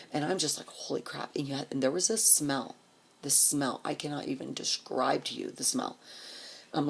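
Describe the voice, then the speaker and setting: Middle-aged woman, very deep voice, husky, candid storyteller, swears freely, whispers asides. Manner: candid, swearing, drops to whispers for quoted thoughts. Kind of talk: casual personal storytelling.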